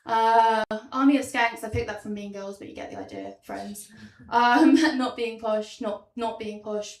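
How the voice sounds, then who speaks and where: A woman's voice: medium pitch, darkish tone. A young woman doing stand-up comedy in a small theatre, wry and self-deprecating, with a lot of ums. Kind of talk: stand-up comedy show with slides. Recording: roomy sound from a distance.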